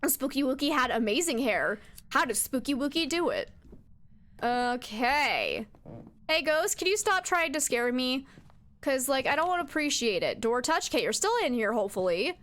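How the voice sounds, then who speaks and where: Lively high-voiced woman streamer. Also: normal speed. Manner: chatty, talks to the ghost, jumpy outbursts. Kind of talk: live game commentary.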